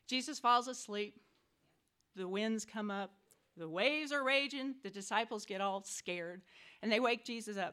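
Woman, scripture reflection, bright ringing tone, slightly high voice, emphatic and animated. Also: unhurried. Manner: emphatic, animated storytelling, acts out quotes. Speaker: church member sharing a reflection.

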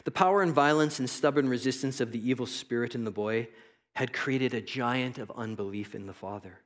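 A man's voice: medium pitch, a little fast. A man giving a devotional Bible teaching in an earnest, reflective and conversational way. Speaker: preacher.

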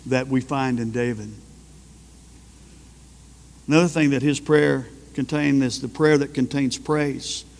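A man preaching a sermon as pastor, fervent and at times rising to loud praise. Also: mid-range voice, long reverb tail.

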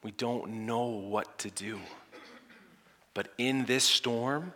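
A male pastor delivers a dramatic sermon in a bright, forceful voice of middle pitch. He drops to near-whispers and then surges to emphatic peaks. His words ring out with a long reverb through a large church hall. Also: steady tone, takes it slowly, long pauses. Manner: dramatic, swinging from hushed near-whispers to loud emphatic lines.

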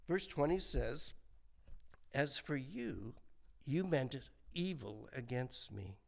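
A man in his seventies preaches at an unhurried pace, his voice rough with a gravelly edge. He talks to the congregation conversationally, leaning on rhetorical questions and homely asides. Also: mid-range voice, animated. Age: 70s. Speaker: pastor. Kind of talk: sermon.

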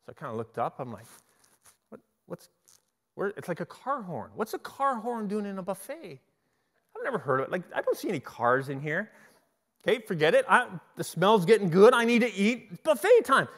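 A middle-aged man preaching a sermon, telling stories in an animated way and often restarting his sentences. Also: sits high, brisk. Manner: animated storytelling with repeated restarts. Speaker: pastor. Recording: long hall reverb.

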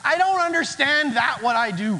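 A man's voice: very high-pitched, animated, moderate pace, sharp tone. A male pastor giving a conversational sermon, slipping into acted-out inner voices to make his points. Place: church sanctuary. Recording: long church hall reverb.

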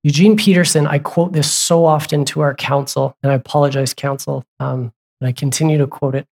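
A pastor delivering a sermon in plain, everyday speech. The voice sits at a middling pitch, and the preacher keeps turning to the congregation with direct questions, sometimes stopping to correct a slip or add an aside. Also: fairly even intonation, a little fast, gravelly, darkish tone. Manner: asks the congregation repeated questions; conversational, with asides and self-corrections.

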